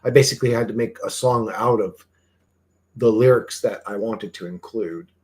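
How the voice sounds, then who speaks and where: A man's voice: lowish voice, normal speed. A man hosting a livestream, chatting to viewers in a loose, rambling way, swearing casually and trailing off into fillers. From Greek heritage. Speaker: livestream host.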